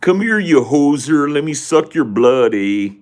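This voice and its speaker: A man voicing a goofy male vampire with a Canadian accent, loud and playful. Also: on the high side, very animated, measured pace, voice pushed up.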